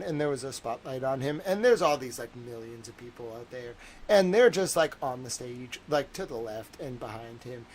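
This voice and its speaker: A young man hosting a livestream, rambling in casual chat with lots of fillers and wry laughs. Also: medium pitch. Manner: meandering, lots of "like" and "I don't know"; wry, laughs between stories. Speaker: livestream host.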